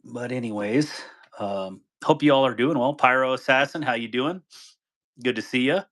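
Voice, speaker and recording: A man's voice: mid-range voice, normal speed, fairly bright tone. A man hosting a casual live stream, greeting viewers by name, chatting loosely and laughing easily.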